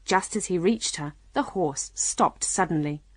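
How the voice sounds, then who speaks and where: A woman narrating a children's storybook audiobook in a clear, measured reading. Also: lowish voice, no echo.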